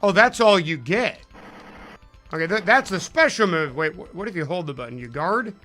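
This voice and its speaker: A male game streamer talking casually to his viewers in a loose, rambling way, full of jokes at his own expense. His voice sits a bit high for a man and has a bright, forward edge. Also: expressive, normal speed, faint music behind. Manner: rambling, self-deprecating, jokey, chatting to viewers. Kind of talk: casual live-stream chat while playing.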